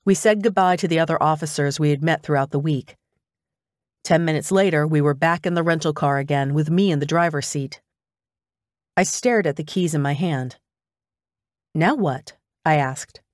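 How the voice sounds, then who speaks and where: A woman narrating a cozy mystery audiobook in the first person, lively and eager. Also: low voice, moderate pace, no echo, studio quality.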